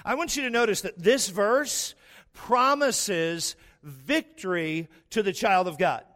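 A man's voice: high-pitched, slow pace, pushed and bright, big-room sound. A man preaching a sermon as pastor, repeating key phrases for emphasis and having the congregation say verses aloud.

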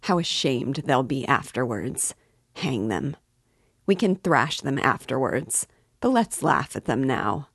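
A woman reads a novel aloud at a slow, careful pace, her voice low and steady. She gives each character a slight shift without leaving her own voice. The recording is dry and close, with no room around it. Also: breathy edge, no room sound. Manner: slow, measured reading with gentle shifts for characters. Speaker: reader. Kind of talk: audiobook-style novel reading.

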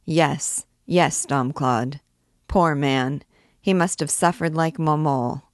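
A woman's voice: low voice, slow, no room sound, studio quality. A woman voicing a fawning, rambling male royal prosecutor who chatters on eagerly. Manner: obsequious, rambling.

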